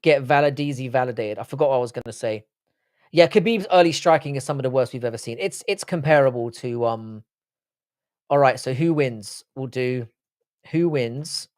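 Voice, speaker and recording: A man's voice: medium pitch, moderate pace, a little mellow. A man with a London accent hosting a live stream, chatting casually, reading the chat aloud and trading crude banter. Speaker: livestream host.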